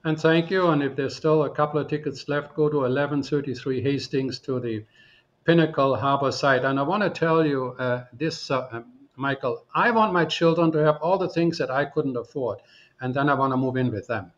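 A man from Canada speaking as a guest on a radio interview, animated and full of rhetorical questions. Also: medium pitch, normal speed, lo-fi sound. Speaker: real estate commentator guest.

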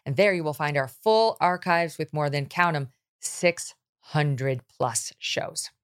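A middle-aged woman hosting a talk show, blunt and animated, quick to laugh. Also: low-pitched, clean tone. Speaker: host.

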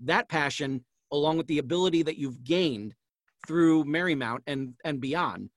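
A man's voice: fairly high pitch, moderate pace, no echo. A middle-aged man hosting an interview, asking long, meandering questions. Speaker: host. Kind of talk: casual interview chat.

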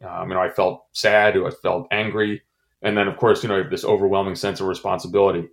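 A middle-aged man from the United States, a former intelligence officer, recounting a personal story in an interview, halting with many fillers and restarts. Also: low voice, little pitch movement, gravelly. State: choked up.

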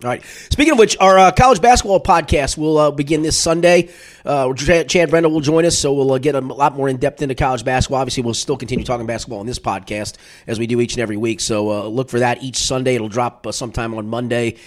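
A middle-aged man hosting a sports podcast, chatting casually and joking. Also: medium pitch. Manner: animated, quick, joking. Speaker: podcast host.

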